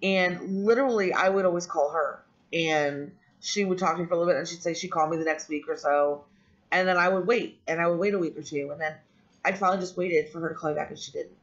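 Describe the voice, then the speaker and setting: A woman's voice: lowish voice, fast. A woman vlogger telling a personal story in a candid, rambling way, with frequent ums and restarts. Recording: dull lo-fi audio.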